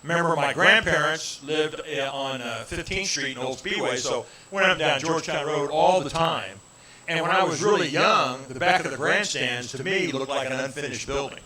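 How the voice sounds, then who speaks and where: A man's voice: on the high side, moderate pace, a little hiss or hum. A man in his sixties from Indiana, a comedian telling a story on a radio talk show and acting out the dialogue. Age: 60s. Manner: animated comic storyteller, acts out dialogue. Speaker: comedian guest.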